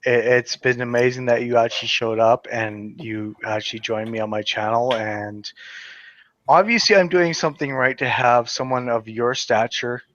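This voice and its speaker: A man's voice: medium pitch, moderate pace, fairly bright tone, no echo, muffled recording. A man in his thirties hosting a casual chat, rambling, swearing and laughing often. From Western Canada. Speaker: channel host.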